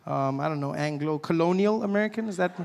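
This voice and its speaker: A man from South Africa performing a stand-up comedy routine, animated and acting out characters in excited voices. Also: on the high side, fast talker, creaky, slight background noise.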